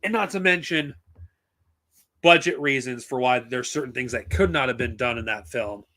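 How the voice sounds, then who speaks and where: A man's voice: mid-range voice, normal speed, sharp tone. Rambling, profane male streamer. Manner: rambling, blunt and profane, with frequent restarts. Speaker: streamer reviewing comics and films. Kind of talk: casual live-stream talk.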